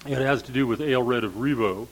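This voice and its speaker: A man's voice: medium pitch, moderate pace, slight background noise, rough recording. An older man, a professor of English literature, giving a discursive storytelling lecture with frequent fillers.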